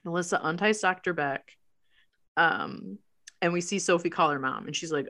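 A woman's voice: lowish voice, normal speed, fairly bright tone. A woman in casual chat, animatedly retelling a movie plot and acting out quotes. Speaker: podcast co-host recapping a movie.

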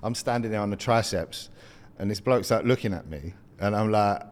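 A man's voice: fairly low pitch, normal speed, long reverb tail. A man, co-hosting a podcast in chatty, sweary banter. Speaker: podcast co-host. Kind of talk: casual banter.

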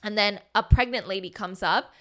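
A woman, co-hosting a podcast and telling a story in a lively, swearing, casual way, acting out the people she quotes. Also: mid-range voice, normal speed. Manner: animated, swears, acts out quoted voices. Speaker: podcast co-host.

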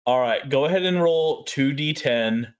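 A man running a tabletop horror game as game master, narrating slowly and laughing often. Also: mid-range voice, clear, resonant tone.

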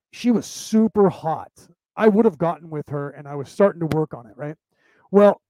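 A middle-aged man tells a long personal story on his podcast, rambling and swearing, often restarting his sentences. His voice sits high for a man yet has a mellow, relaxed timbre. The sound is dry and close, with no room echo. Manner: rambling, profane, with many restarts. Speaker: podcast host. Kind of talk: casual storytelling monologue.

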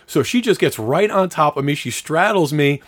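Animated, swearing man telling a story. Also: fairly high pitch, moderate pace, dry recording. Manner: profane, animated storyteller acting out quotes. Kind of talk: casual storytelling chat.

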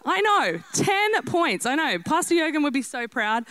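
A woman preaching a lively, self-deprecating sermon to a church congregation. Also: sits high, normal speed, dry recording. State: out of breath. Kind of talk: energetic sermon.

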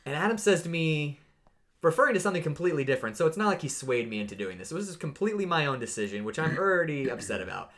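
Fired-up guy ranting on a sports podcast, voice kinda high, jumps up when he gets going. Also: rapid-fire. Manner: animated ranting, pitch jumps when worked up. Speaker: podcast co-host. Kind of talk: casual sports chat.

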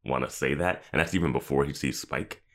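A man's voice: very deep voice, fairly quick. A man co-hosting a casual podcast about a TV episode, commenting with enthusiasm and frequent laughter. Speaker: podcast co-host.

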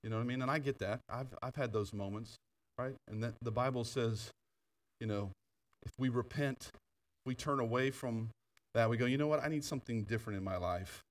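A man preaching a sermon in a church, his voice moving in lively swings as he tells stories with laughs and asides. He sits at a middle pitch and is a little off the mic, so the sound carries some of the hall. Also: fairly quick, recorded from a distance. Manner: animated storytelling with laughter and asides. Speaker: pastor. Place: church sanctuary.

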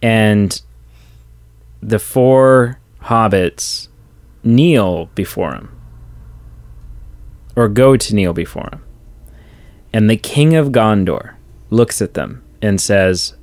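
Low-pitched man, enthusiastic podcast co-host, dry close mic. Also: lively intonation, slow pace, pauses often, darkish tone, dry recording. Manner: enthusiastic, gushing, acts out lines. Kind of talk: casual movie discussion.

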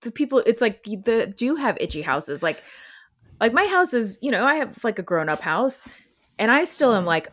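A woman co-hosting a casual chat show, spinning a long story in a loose, chatty way. Her pitch sits in an ordinary middle range. She keeps slipping into quick acted-out voices of the people she describes. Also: big pitch swings, fairly bright tone. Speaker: podcast co-host.

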